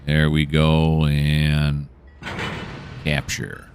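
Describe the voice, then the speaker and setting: A man narrates a train simulator game while playing, in relaxed let's-play fashion, thinking aloud and correcting himself. His rumbling low voice is monotone and very slow, with slight background noise.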